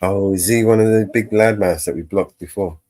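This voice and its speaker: A man's voice: lowish voice, a little fast, mellow, no room sound. A man co-hosting a live panel stream, blunt and rambling, swearing freely with lots of fillers. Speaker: livestream co-host. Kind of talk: casual live panel chat.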